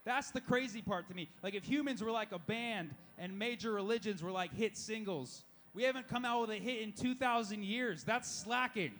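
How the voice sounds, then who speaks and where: High-voiced stand-up comedian man. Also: a bit bright. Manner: rapid-fire punchlines with acted-out voices. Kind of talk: stand-up set. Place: live comedy show.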